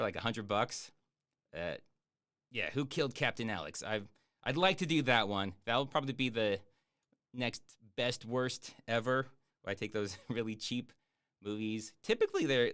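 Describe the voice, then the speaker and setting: A man chatting casually on a live stream, answering viewer questions in a rambling, jokey way with lots of fillers and deadpan boasts. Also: fairly low pitch, clear, resonant tone. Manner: hesitant with many fillers. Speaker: YouTube streamer answering chat.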